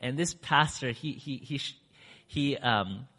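A man speaking to a church audience, telling a story in a chatty, animated way and acting out what people said with big swings in his voice. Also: unhurried. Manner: acts out quoted speech with big pitch swings; chatty, with fillers and restarts. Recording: long hall reverb.

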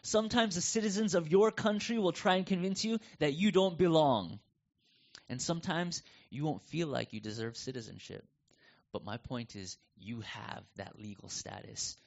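Telling animated stories during a conversational sermon, a middle-aged American pastor with a North American accent talks at a normal speed. His voice is a little high and creaky, and the sound quality is dull and lo-fi.

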